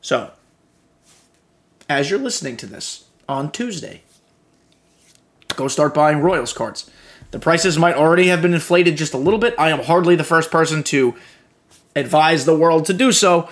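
Casual profane man, slightly high voice. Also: lively intonation, moderate pace, pauses often. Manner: loose and profane, with frequent fillers. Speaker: podcast host. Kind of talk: casual gaming commentary.

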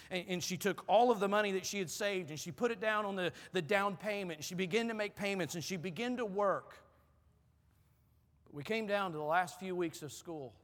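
A middle-aged man preaching a sermon as a pastor, telling a story with repeated words and dropping low and soft for emphasis. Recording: long hall reverb.

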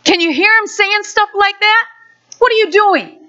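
A woman preaching a sermon, animated, acting out a story for her listeners, on a dull lo-fi recording. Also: very high-pitched, moderate pace.

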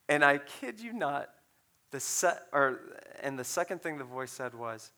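A man who is a pastor, telling a story in a sermon in a conversational, animated way with fillers. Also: fairly high pitch, moderate pace.

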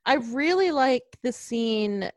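A woman chats casually about a film, retelling scenes, quoting characters' lines, and restarting often. Her voice is a little high and animated, she takes it slowly, and there's no room sound.

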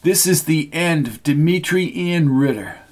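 A man's voice: a little high, lively intonation, measured pace, voice pushed up. A man doing Catherine, an earnest woman. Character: determined woman investigator, earnest.

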